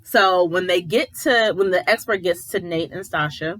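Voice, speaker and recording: Chatty woman recapping with a bright edge. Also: fairly low pitch, normal speed, no room sound, low-quality recording. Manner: chatty, opinionated, retells scenes with quoted voices. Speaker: reality show recap youtuber; editor. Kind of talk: casual recap commentary.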